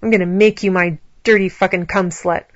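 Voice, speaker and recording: A woman's voice: fairly low pitch, fairly even intonation, a little fast, no room sound, highs cut off, natural voice. Woman voicing a harsh, domineering man. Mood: commanding. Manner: barking, crude orders.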